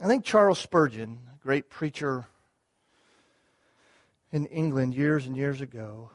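A man's voice: mid-range voice, animated, a little slow. A man preaching a sermon to his congregation, earnest, repeating key words, with small restarts as he explains. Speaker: pastor.

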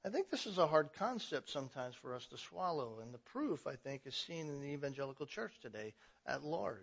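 Brief: male pastor, high and bright, emphatic sermon delivery, dull lo-fi recording. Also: big pitch swings, brisk, gravelly, breathy edge. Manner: emphatic preaching, swells to loud passionate stretches.

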